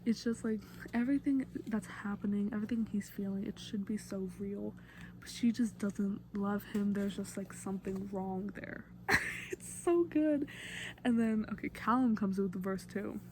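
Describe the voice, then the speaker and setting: Chatty fangirl woman breaking down an album, soft mellow tone, tons of "like"s. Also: mid-range voice, fairly even intonation, moderate pace, slight background noise. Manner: chatty, gushing fan, lots of fillers. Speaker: music vlogger. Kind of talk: casual song breakdown.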